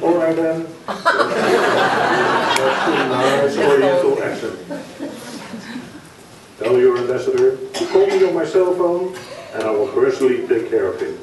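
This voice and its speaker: A man's voice: medium pitch, expressive, a little slow, close to an everyday voice. A man playing a smug, flirty airport police officer in an amateur stage play, teasing and bargaining. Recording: echoey hall from far off, loud noise.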